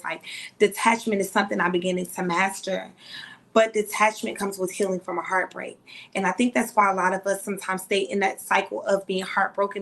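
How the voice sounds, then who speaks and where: Woman, podcast co-host, casual chat, candid, emphatic, mid-range pitch. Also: a bit bright. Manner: candid, emphatic, speaks from personal experience.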